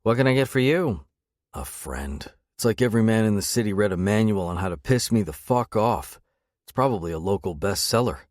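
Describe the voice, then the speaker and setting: A man's voice: on the low side, animated, a little fast, a little mellow, no echo, clean studio sound. A man narrating a first-person romance audiobook with a wry, sardonic edge. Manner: wry, sardonic inner monologue.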